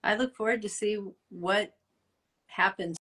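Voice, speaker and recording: Middle-aged woman, podcast co-host; earnest, encouraging, quick to laugh. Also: medium pitch, fairly bright tone. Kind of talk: casual faith chat.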